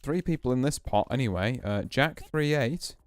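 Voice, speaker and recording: A man's voice: mid-range voice, animated, moderate pace, smooth, no echo, soft background music. A man streaming a poker game, casually musing and explaining his hands as he plays. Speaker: VTuber streamer. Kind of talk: casual poker play commentary.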